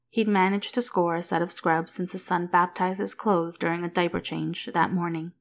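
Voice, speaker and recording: A woman narrating a story aloud in a calm, even manner. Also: on the low side. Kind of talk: reading fan fiction aloud.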